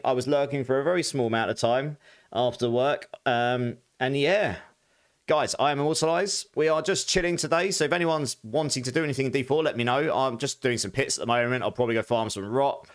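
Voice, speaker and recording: A young man streaming a game live, chatting casually with viewers while his voice is going a bit hoarse. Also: mid-range voice, fairly quick. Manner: relaxed, chatty, greets viewers warmly, laughs often. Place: home room at his gaming setup.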